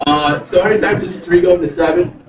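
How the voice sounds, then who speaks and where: A man's voice: sits high, fast, a little hiss or hum. A math teacher giving a casual review lesson, putting questions to his class and answering them himself. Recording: distant, echoey, dull classroom recording.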